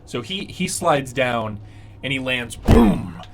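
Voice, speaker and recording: A man's voice: mid-range voice, expressive, measured pace, very noisy. A man running a tabletop game as dungeon master, patiently explaining the rules and narrating the scene, with many fillers along the way.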